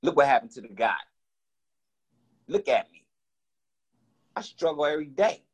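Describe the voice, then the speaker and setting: Man guest spinning a raw, lively story, swinging his pitch wide, voicing everyone in it. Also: normal speed, breathy edge, dull audio. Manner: animated, profane, acts out both sides of conversations. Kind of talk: casual storytelling.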